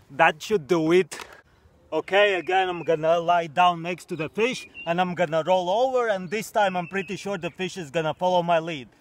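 A man hosting a mock tutorial comedy vlog outdoors in a park, with an earnest, deadpan delivery and stammered restarts. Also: high voice, normal speed, slight background noise. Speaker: comedy vlogger.

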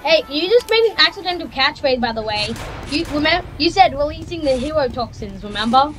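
A woman giving casual, chatty commentary while playing a game, excitable and jumping between topics. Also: high voice, brisk, noisy background. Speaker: gamer streamer.

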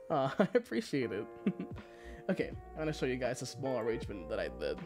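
A man chatting casually on a livestream, excitable and quick to laugh, swearing freely between thanks to viewers. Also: medium pitch, loud music behind the voice. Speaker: virtual idol streamer.

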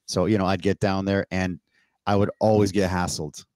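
A man from Canada, a podcast guest, telling a story in casual, animated talk over a remote call, swearing and acting out the exchanges he quotes. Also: deep voice, normal speed, dry recording. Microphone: remote call mic.

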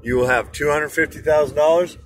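Man putting on a smooth, high-voiced rich businessman. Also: steady tone, a little fast, slight background noise, natural voice. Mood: persuasive. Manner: odd put-on accent, persuasive. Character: smooth-talking wealthy male mine businessman. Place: car in rush hour traffic.

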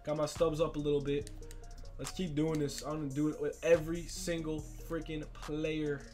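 A young man hosts his own channel and talks over sports-game footage in a fairly high, eager voice. He gets loud and hyped, talks right to his viewers, and a faint music bed plays under him. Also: normal speed. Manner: hyped, talks straight to fans, shouts when excited. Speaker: gaming channel host. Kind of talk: excited gameplay commentary.

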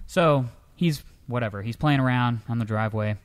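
A man co-hosting a comedic news-story show, telling tales in a lively, animated way. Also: moderate pace. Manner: lively storyteller, jumps into high pitch for characters. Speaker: co-host.

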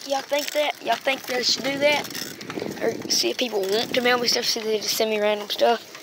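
A woman's voice: a little high, a little fast. A woman vlogging outdoors at night, chatting and rambling to her viewers while holding a phone. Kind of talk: casual rambling vlog. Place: outdoors at night, yard and street. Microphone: phone held in hand. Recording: phone recording with steady background noise.

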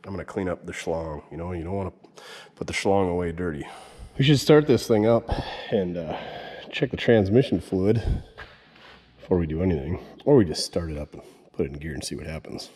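A man's voice: deep voice, expressive, fairly quick, mellow, slightly rough. A man hosting a repair vlog, bantering casually and joking in slang while he works on an old car. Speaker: mechanic vlog host. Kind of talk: casual running commentary while working. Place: shop working on an old car.

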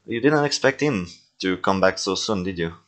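A man's voice: deep voice, expressive, normal speed, a bit bright. A young man who is not a native English speaker, casually commenting on his own toy movies, rambling with many fillers and self-corrections.

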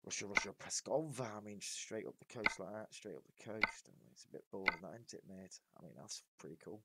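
A man's voice: on the low side, brisk. A man casually chatting to viewers while streaming a truck driving game, swearing freely. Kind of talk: live-stream gameplay chat. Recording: loud game engine noise behind.

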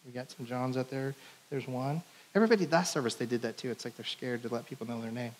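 A man's voice: medium pitch, fast, slight background noise. A man preaching a sermon in a church, in a conversational, playful style that acts out the quotes. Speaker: pastor. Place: church sanctuary.

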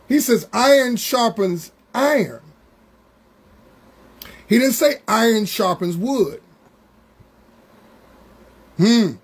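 A man preaching a Bible study sermon, drawing words out slowly for emphasis and calling out to members of the congregation. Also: very high-pitched, expressive, slightly rough. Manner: preaching with slow, drawn-out emphasis and call-outs to congregation members.

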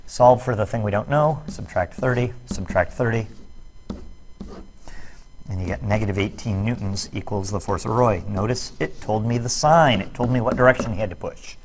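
With slight background noise, a man whose voice sits on the low side talks at normal speed, teaching net force in a recorded lesson video. He explains each worked problem in steps, joking at his own expense.

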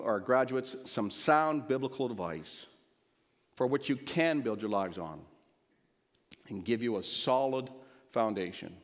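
Man preaching in an echoing church. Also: mid-range voice. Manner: rhythmic, animated storytelling. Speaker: pastor. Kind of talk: sermon with storybook reading. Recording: long church reverb.

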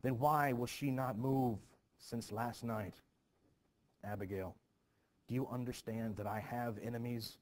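A man's voice: medium pitch, fairly even intonation, measured pace, lightly acted. Man reading a stern, anxious minister. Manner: stern, worried, scolding. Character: anxious stern middle-aged minister, self-pitying. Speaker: teacher. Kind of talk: dramatic play reading.

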